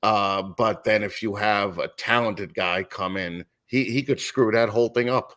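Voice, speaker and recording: A man's voice: on the low side, a little slow, pushed and bright. A middle-aged man, a musician guest, chatting casually and telling rambling stories with many restarts. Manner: rambling storyteller, lots of restarts and acted quotes. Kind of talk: casual podcast chat.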